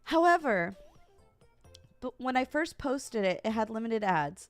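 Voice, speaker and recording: A young woman streams and chats with her viewers in a casual, lively way, giggling often and talking right to chat. Her voice sits fairly high and moves at a measured pace, smooth and free of room sound, with soft music playing behind her.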